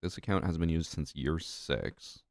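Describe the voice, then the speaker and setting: A young man chatting casually while live-streaming a game, relaxed and rambling with lots of "like" fillers. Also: extremely low pitch, a little slow, vocal fry, no room sound. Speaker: gaming streamer. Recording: steady clicking noise in background.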